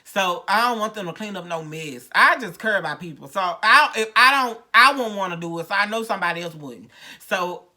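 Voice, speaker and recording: Bright-voiced woman telling her story frankly. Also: mid-range voice, lively intonation, brisk. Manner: rambling, frank, many restarts. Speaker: podcast host. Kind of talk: candid personal recovery story. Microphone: no podcast mic.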